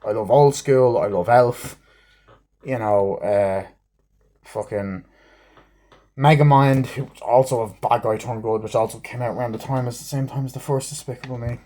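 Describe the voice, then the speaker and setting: A man rambling through a casual movie review in an ordinary mid-pitched voice. He swears constantly and leans on fillers as he jumps between thoughts. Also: normal speed, dark tone. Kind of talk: casual rambling plot recap.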